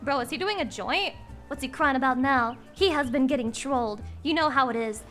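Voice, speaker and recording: A young woman streamer chatting casually, excitable and crude. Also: high-pitched, a little fast, soft background music. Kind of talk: casual chat.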